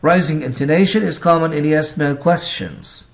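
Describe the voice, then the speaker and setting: A male English teacher with a fairly high voice and some vocal fry gives a recorded lesson. He goes slowly, rephrases his points, and asks his class rhetorical questions.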